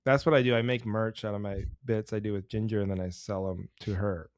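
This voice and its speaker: A man co-hosting a podcast, chatting casually and telling rambling, jokey stories that speed up when he gets excited. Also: fairly low pitch, brisk, dry recording, clean studio sound. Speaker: podcast co-host. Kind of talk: casual chat.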